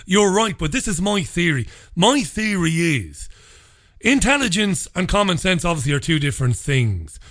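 A man's voice: high-pitched, big pitch swings, moderate pace, fairly bright tone. A man hosting a podcast, talking earnestly and at length as he lays out his theories. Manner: earnest, rambling, speculative. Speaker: podcast host. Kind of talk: podcast conversation.

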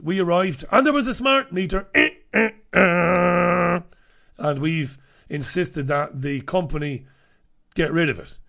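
A male presenter reviewing the day's papers in a blunt, opinionated way, swearing casually and greeting listeners by name. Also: on the high side. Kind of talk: newspaper review talk show.

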